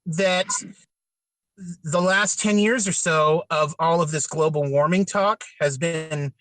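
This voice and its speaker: A man's voice: fairly high pitch, takes it slowly, a bit bright, slight background noise, low-quality recording. A man hosting a casual podcast, asking long questions with frequent stumbles and restarts.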